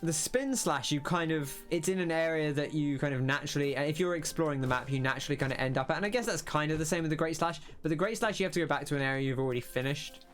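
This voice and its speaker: A young man hosting a let's play talks casually as he plays, his voice a little high and his delivery fast with few pauses. He muses aloud and rambles, interrupting himself as he works through what's on screen, while faint music plays in the background.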